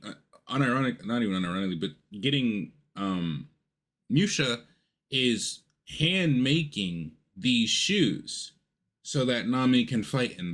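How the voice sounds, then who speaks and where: A man's voice: lowish voice, fairly bright tone. A man casually reviewing a show, rambling with lots of fillers and the odd curse.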